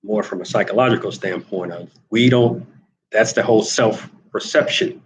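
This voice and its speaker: Low-voiced man musing aloud. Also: normal speed, rough recording. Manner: wry, rambling, repeats words while thinking aloud. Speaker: host. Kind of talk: solo talk monologue.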